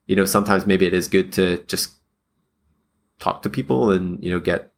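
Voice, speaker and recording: Deep-voiced man rambling on a podcast. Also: moderate pace, gravelly. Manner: rambling, lots of fillers. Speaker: podcast guest. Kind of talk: casual podcast chat.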